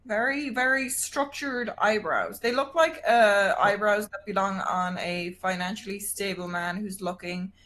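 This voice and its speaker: A woman's voice: medium pitch, a little slow, hardly any pauses, fairly bright tone, slight background noise. A woman, chatting as a guest on a livestream in a blunt, teasing way and swearing freely. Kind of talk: casual chat on a livestream.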